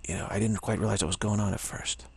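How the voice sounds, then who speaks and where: A man's voice: on the low side, steady tone, quick pace, gravelly, darkish tone, breathy edge. A man telling a spiritual story in a rambling way, repeating himself and restarting often, with a sore throat. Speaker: spiritual teacher. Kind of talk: casual spoken reflection.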